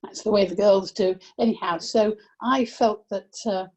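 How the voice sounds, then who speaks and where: A woman's voice: medium pitch, steady tone, normal speed, a little mellow, husky. An older woman from England, a guest telling heartfelt family stories in a reflective way that often stops and restarts. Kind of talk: personal storytelling.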